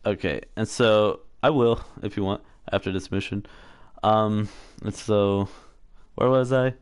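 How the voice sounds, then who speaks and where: A man's voice: lowish voice, steady tone, measured pace, smooth, no echo, studio quality. A man giving casual gameplay commentary, rambling through a story recap with fillers, self-corrections and offhand swearing. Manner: profane, offhand. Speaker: gameplay streamer.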